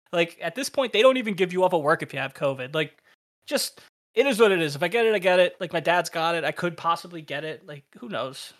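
Young male podcast co-host, bright raised voice, animated profane storyteller. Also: a little high, fairly quick. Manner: animated, swearing, laughs while telling stories.

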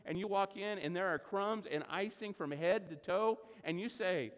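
High-voiced man preaching in a reverberant church. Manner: preaching, reads scripture slowly and loudly. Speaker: pastor. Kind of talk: sermon. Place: church sanctuary.

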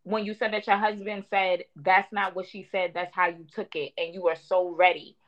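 A woman's voice: on the low side, flat delivery, normal speed. Reflective woman podcast co-host, dull audio. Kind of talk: casual chat and reading a sponsor note.

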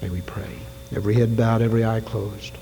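A man preaching a sermon in a church, telling a story with acted-out voices that swing from shouts to whispers. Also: fairly low pitch, little pitch movement, fairly quick. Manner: dramatic storytelling, acts out quotes, rising to shouts then dropping to whispers. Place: church sanctuary. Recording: long hall reverb, faint hum.

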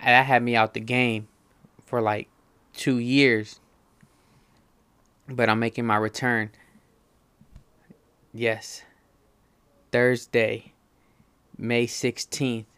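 A young man hosting a solo podcast in a slow, easy, unhurried way. His voice is smooth and clean, at a middle pitch. He swears casually and keeps checking in with his listeners. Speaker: podcast host.

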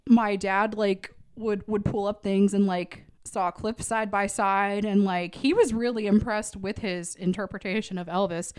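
A woman's voice: medium pitch, fairly even intonation, unhurried, few pauses, a little mellow, smooth, no room sound, studio quality. A woman co-hosting a comedy podcast in casual chat, rambling along with lots of fillers. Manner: rambling, filler-heavy, easygoing. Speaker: podcast co-host.

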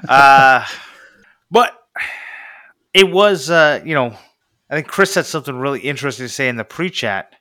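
A man's voice: mid-range voice, animated, normal speed, pauses often, pushed and bright. A man guesting on a podcast in casual chat, teasing the hosts with playful banter.

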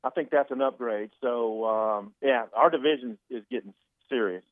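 A man who writes about sports, calling in to chat in a relaxed way and often repeating words mid-sentence. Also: mid-range voice, normal speed. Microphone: phone line. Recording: tinny phone line.

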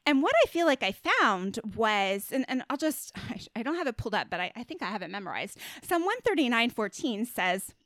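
A middle-aged woman with a slightly high voice talks as a guest on a casual podcast. She is chatty and earnest and scatters fillers and tag questions through her sentences. The recording is dry, with no room sound around her. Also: sing-song, fairly quick, few pauses, a bit bright, no room sound. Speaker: guest author and Christian body image coach.

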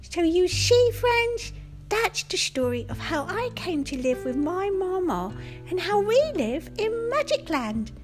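A woman's voice: very high-pitched, sing-song, unhurried, soft background music, exaggerated voice. A woman voicing a cheerful little boy unicorn who tells a children's story in a playful, sing-song way. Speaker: host.

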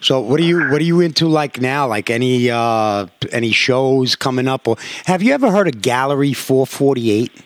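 A man's voice: mid-range voice, animated, moderate pace, few pauses, slight background noise. A middle-aged man hosting a podcast on a headset, chatting casually in a laid-back, profane, laughing way. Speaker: podcast host. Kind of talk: casual chat.

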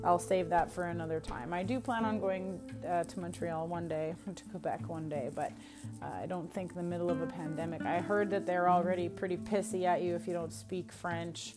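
A young woman from Canada talks through a solo audio diary podcast in a chatty, blunt way and pokes fun at herself. Her voice sits fairly low, and clear music plays underneath. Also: fairly even intonation, moderate pace. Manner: chatty, blunt and self-mocking. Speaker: podcast host.

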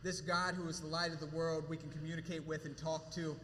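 A man's voice: on the high side, little pitch movement, a little fast, slight background noise. A man preaching an emotional sermon as pastor, speaking to a congregation in a church hall. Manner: emotional, preaching with rising intensity then a quiet prayer. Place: church hall with long reverb. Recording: reverberant hall, faint room ambience.

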